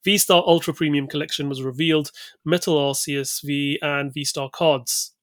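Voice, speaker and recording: A man's voice: on the high side, steady tone, moderate pace, a bit bright, no room sound, clean studio sound. A man co-hosting a casual chat, enthusiastic and full of fillers. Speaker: co-host.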